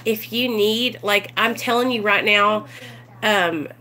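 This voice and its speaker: A woman's voice: medium pitch, slow pace, bright, forceful tone. A woman talking casually to her viewers on a livestream, earnest and rambling with plenty of ums and you-knows. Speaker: recovery vlogger.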